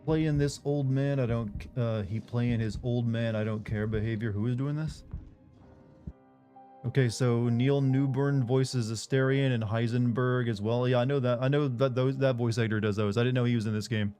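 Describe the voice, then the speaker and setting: Mellow man streaming a game. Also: mid-range voice, moderate pace, faint music behind. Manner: relaxed, chatty, thinking aloud. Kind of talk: casual gameplay commentary.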